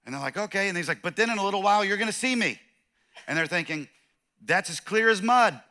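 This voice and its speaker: A man's voice: sits high, expressive, very fast, bright, forceful tone. A middle-aged man with a Californian accent preaching a sermon as pastor, in a conversational, joking way, acting out the voices of people in the story.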